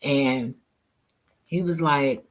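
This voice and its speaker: A relaxed man telling a casual storytime, loose and profane, laughing often as he talks. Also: medium pitch, extremely slow, low-quality recording. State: relaxed and laid back. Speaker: vlogger.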